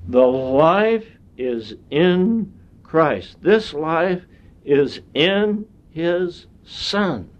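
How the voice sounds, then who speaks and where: A man delivering a sermon at a very slow, measured pace, leaving long pauses between phrases. His voice sits a little higher than most men's. The recording sounds dull and lo-fi. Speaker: preacher.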